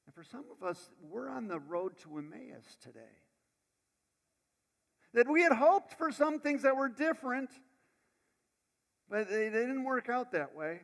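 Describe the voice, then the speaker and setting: A male pastor preaching a sermon, dramatic, swinging from loud bursts to hushed lines and repeating words as he goes. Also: very high voice, very animated, unhurried, creaky, long pauses. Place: church sanctuary. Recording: long church hall reverb.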